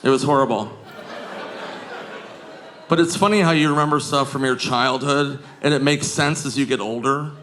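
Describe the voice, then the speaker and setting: A man in his forties doing stand-up, telling stories in an animated way that jumps into loud shouts on a comedy stage. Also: mid-range voice, normal speed, pauses often. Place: comedy stage before a live audience. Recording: live comedy club, audience noise.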